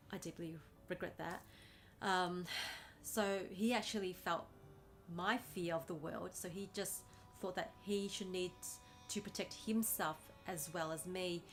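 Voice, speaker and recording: A woman vlogger casually telling a personal story, rambling with many fillers and restarts. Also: medium pitch. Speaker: lifestyle vlogger.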